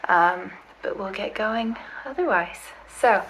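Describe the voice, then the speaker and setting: A woman teaching a guided yoga class, giving calm, gentle and reassuring instructions. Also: medium pitch, slow pace, hardly any pauses, a little hiss or hum. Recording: echoey room, mic at a distance.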